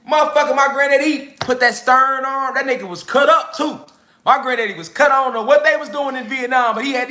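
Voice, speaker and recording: A young man with a very high, bright, sharp voice tells a rowdy comic story in heavy slang. He drops into his relatives' voices as he goes, all in lively storytelling mode. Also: reverberant. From Chicago. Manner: animated, slangy, acts out family members. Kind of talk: comedic storytelling.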